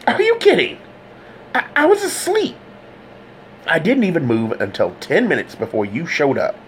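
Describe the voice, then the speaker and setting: A man narrating an audiobook voices a hot-tempered, defensive gay man who shouts and swears. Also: on the high side, sing-song, normal speed, slight background noise, pitched above the performer's own voice. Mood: indignant.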